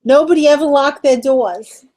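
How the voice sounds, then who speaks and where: A woman chatting casually as a co-host, her voice sitting somewhat high. She talks loosely, laughs often and lets sentences trail off before picking them back up. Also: moderate pace, mellow. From New York. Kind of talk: casual chat.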